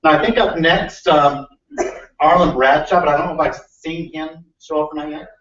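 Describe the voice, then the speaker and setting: A man's voice: a little high, steady tone, normal speed, fairly bright tone. A man moderating a meeting, informally calling up the next speakers. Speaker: event moderator. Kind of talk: introducing speakers. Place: meeting room with an audience. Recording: distant, roomy, lo-fi with a crowd.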